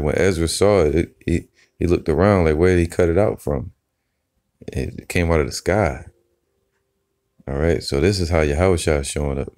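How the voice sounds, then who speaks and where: A man giving an informal Bible teaching. He reads verses slowly, then comments loosely, peppering his talk with "all right" and "man.". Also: rumbling low, a little mellow. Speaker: scripture teacher.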